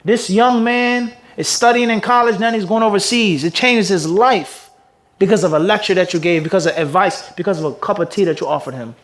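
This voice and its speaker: This religious lecture comes from a mufti giving a hadith lesson, speaking in a markedly high voice. He pushes through the Arabic texts at a fast pace and keeps the class involved by trading questions and responses with them.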